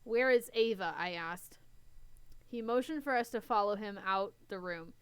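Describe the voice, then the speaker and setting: A woman's voice: mid-range voice, normal speed, a bit bright, clear, resonant tone, no echo. A young woman hosting a casual story reading, reading the text aloud and breaking off to laugh and chat about it. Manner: chatty, laughs between lines.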